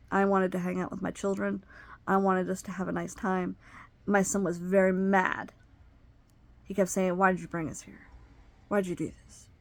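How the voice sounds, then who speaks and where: A middle-aged woman telling personal family stories, rambling with many ums and you-knows, her voice climbing high and loud when she gets worked up. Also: no echo. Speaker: vlogger. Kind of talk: personal storytelling.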